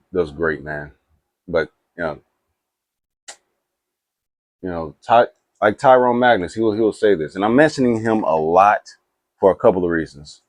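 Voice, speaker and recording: Man, very low voice, casual rambling chat, excitable, dry recording. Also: no room sound. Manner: rambling, with restarts and asides; animated and excitable. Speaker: movie reaction YouTuber.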